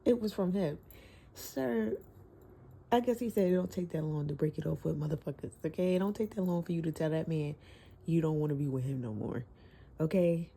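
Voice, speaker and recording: A woman's voice: lowish voice, normal speed, gravelly, warm tone, husky. A woman giving a casual, candid book review, laughing often and cursing freely while talking into her phone.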